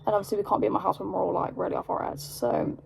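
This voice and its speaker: A young British woman telling a story in a casual vlog, rambling and animated, with lots of fillers. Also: medium pitch, racing, vocal fry. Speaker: vlogger.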